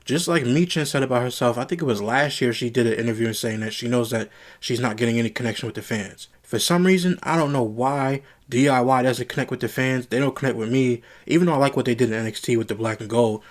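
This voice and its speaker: A man hosting his own show, casually recapping a wrestling broadcast in a rambling style, retelling the dialogue and lifting his voice when excited. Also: fast talker. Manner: animated, rises in pitch when excited.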